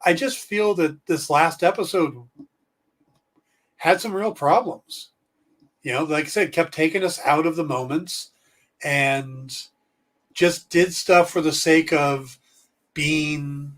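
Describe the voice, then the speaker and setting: Male podcast co-host, casual and opinionated, higher-pitched, slightly distant from the mic. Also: slow, long pauses, a bit bright. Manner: chatty, opinionated, rambling with fillers. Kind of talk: casual chat.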